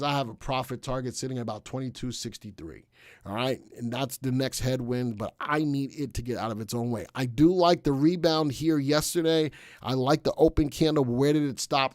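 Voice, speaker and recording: A man's voice: mid-range voice, brisk, no echo, clean studio sound. Chatty male stock-market livestream host. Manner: relaxed, chatty, reads live chat aloud. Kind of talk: casual live-stream stock commentary.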